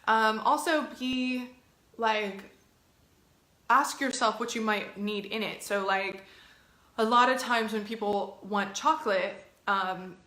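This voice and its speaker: A woman's voice: fairly high pitch, slow pace, pushed and bright, roomy sound. A woman health coach talking casually to camera, chatty and encouraging, with lots of filler words.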